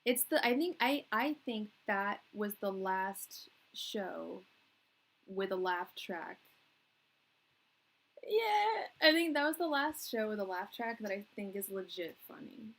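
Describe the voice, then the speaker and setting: A woman's voice: mid-range voice, expressive, a little slow, fairly bright tone, poor audio. A young woman chats loosely with her live-stream viewers, rambling from one thought to the next. Her talk is slangy and easygoing, and she laughs often between remarks. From England. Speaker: tarot reader hosting a live stream.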